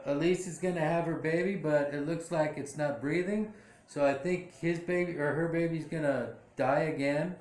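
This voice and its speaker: A man casually recapping a drama episode, rambling with lots of fillers and self-corrections. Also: fairly high pitch. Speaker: show recap vlogger. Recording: echoey room.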